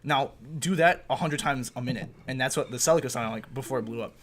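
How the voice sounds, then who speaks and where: Brief: young male podcast host, bright forceful voice, profane, animated storyteller, faint background noise. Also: mid-range voice, fast talker. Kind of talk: casual storytelling chat. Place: indoor recording room.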